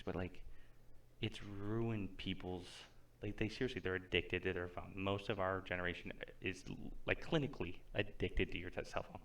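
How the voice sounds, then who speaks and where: A man's voice: sits low, brisk, slight background noise. A young man co-hosting a podcast in casual chat, telling rambling stories and acting out what people said. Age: young adult. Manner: rambling storyteller, animated retellings. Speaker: podcast co-host.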